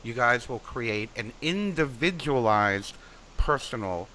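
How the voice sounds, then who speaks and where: A man's voice: medium pitch, expressive, slow, bright, forceful tone, a little hiss or hum, low-quality recording. A man and dream interpreter, explaining step by step in a conversational teaching manner during a live webinar. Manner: conversational teaching, many fillers, acts out example dialogue.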